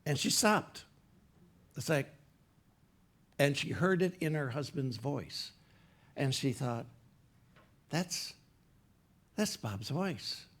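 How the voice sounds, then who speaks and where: A pastor delivering a sermon from a church platform, recounting a story in an easy, conversational manner. His voice sits at an ordinary pitch for a man. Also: expressive, slow, long pauses, a bit bright. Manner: conversational, retells a story with quoted dialogue.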